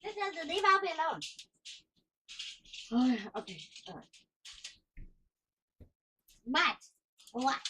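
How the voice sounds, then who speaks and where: A woman's voice: sits high, big pitch swings, slow, pauses often, pushed and bright, a little hiss or hum. A woman co-hosting a casual livestream chat from her home, laughing, swearing and scolding her dogs. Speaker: co-host. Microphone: headphones and desk mic.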